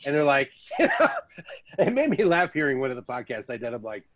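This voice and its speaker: An American man hosting a podcast, telling stories in a chatty, casual way with lively asides. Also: medium pitch, fairly quick. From United States. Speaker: podcast host. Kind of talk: casual chat.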